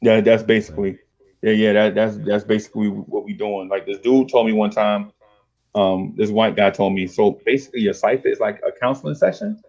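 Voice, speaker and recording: Middle aged dude chopping it up, street slang, husky voice, kinda dull lo-fi sound. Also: male voice, on the low side, fairly quick. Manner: streetwise slang, animated storytelling, acts out dialogue. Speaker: podcast host. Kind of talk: casual storytelling chat.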